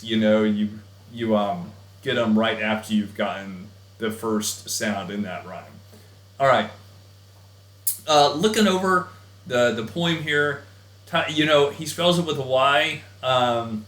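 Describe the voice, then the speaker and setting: A man's voice: mid-range voice, fairly bright tone, roomy sound. A man teaching a recorded lesson in a chatty, enthusiastic way with many fillers. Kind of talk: recorded class lecture.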